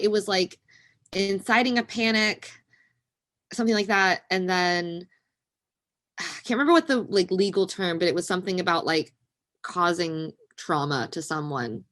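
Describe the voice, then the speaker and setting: A woman's voice: fairly low pitch, fairly bright tone. A woman in her twenties, a podcast guest speaking candidly and chattily about her own experiences. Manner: candid, chatty, sharing personal story. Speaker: interview guest. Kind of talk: interview conversation.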